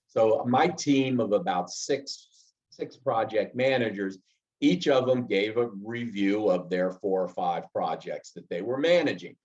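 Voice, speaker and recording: Male trainer, mid pitch, chatty teaching tone, slightly muffled lo-fi recording. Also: darkish tone. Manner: conversational, frequent "right?" asides and restarts. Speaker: project management trainer. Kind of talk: instructional talk with personal anecdote.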